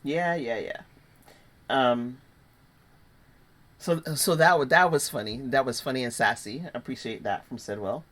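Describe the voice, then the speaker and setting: A woman with a notably low voice, chatting casually as a podcast co-host. She is relaxed and agreeable, with plenty of quick yeahs and easy concessions. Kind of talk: casual chat recapping a soap opera.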